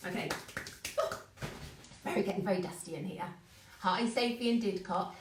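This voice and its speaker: A woman's voice: mid-range voice, normal speed, slight background noise. A woman running a live online baking class, chatting and greeting viewers by name as she mixes. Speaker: baking teacher. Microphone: phone. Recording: echoey room, distant mic.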